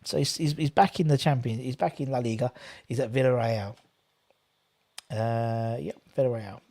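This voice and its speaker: A casual man talks through a football match live, reading out viewer comments between bits of play. His voice sits at an ordinary middle pitch. He rambles, jumping between the game and small talk. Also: steady tone, normal speed, a little mellow. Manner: chatty, rambling, reads viewer comments aloud. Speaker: watchalong host.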